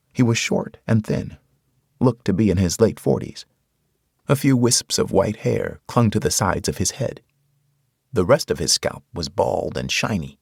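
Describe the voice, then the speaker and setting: Gravelly guy reading a zombie audiobook, husky, dry close sound. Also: sits low, darkish tone, dry recording. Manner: dramatic storytelling. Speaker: audiobook narrator. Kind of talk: scripted first-person narration.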